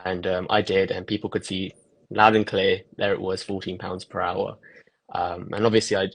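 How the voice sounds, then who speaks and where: Low gravelly young man, flat delivery. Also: moderate pace. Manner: plain-spoken and matter-of-fact. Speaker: guest, newly qualified doctor. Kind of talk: remote interview over video call.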